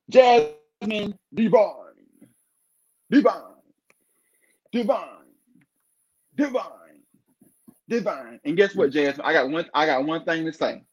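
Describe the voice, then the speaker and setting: A man hosting a casual livestream, talking in a sassy, flamboyant way with drawn-out exclamations. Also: medium pitch. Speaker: livestream host. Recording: dull lo-fi stream audio.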